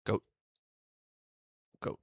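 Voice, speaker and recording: A streamer chats casually with viewers while reacting to videos, speaking very slowly on a dry recording. The commentary is profane, animated and talkative, with free swearing and thanks to donors.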